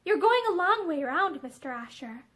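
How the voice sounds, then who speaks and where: A woman reading aloud and voicing a lively, teasing young society woman. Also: very high-pitched, heavily acted. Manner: bright, teasing, quick to challenge.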